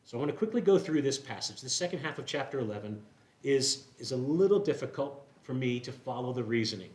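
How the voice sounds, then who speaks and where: Animated male pastor in an echoey church. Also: medium pitch, fast. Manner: conversational, explanatory preaching with rhetorical questions. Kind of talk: sermon. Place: church sanctuary.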